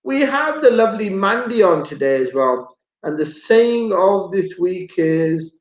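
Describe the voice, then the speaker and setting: A man's voice: high-pitched, lively intonation, a little slow, echoey room, lo-fi sound. A man hosting a live radio talk show, chatty and jokey, often repeating his words.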